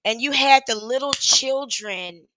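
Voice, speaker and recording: A woman's voice: high voice, unhurried, bright, forceful tone, no room sound, low-quality recording. A woman hosting a casual live stream as an activist, talking candidly and emotionally, swearing freely and laughing often. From Charlotte, USA. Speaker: livestream host and activist.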